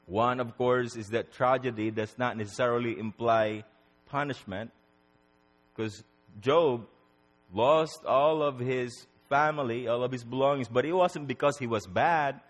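A man preaching a sermon in an animated way, acting out prayers and quotes, often repeating words and restarting phrases. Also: in a large hall. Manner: animated, acts out prayers and quotes with rising pitch.

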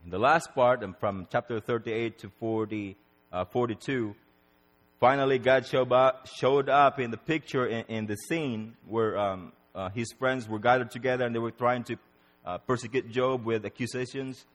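A man preaching a sermon in an animated way, acting out prayers and quotes, often repeating words and restarting phrases. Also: moderate pace, big-room sound. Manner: animated, acts out prayers and quotes with rising pitch.

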